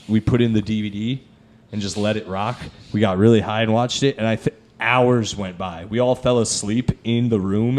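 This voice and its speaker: A man's voice: lowish voice, darkish tone, a little hiss or hum. A man hosting a comedy podcast, talking casually in a laid-back way, saying "dude" a lot and slipping into cartoon voices. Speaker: podcast host.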